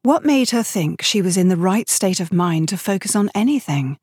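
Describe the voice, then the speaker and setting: A woman reading an audiobook as narrator in a measured, steady storytelling manner. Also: mid-range voice, husky, no room sound, clean studio sound. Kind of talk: scripted narration.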